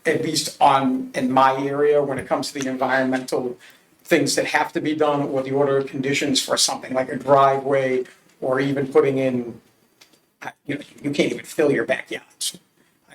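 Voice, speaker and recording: A man's voice: medium pitch, fairly even intonation, normal speed. A man from Massachusetts sits before a city council committee as a job candidate, answering in an earnest, emphatic way and restarting his sentences often. His voice sits in a middling register and carries a roomy echo from the chamber, with a faint hum of ambience behind him. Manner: earnest, emphatic, tells stories with many restarts. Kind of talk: answering interview questions. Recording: roomy public meeting audio.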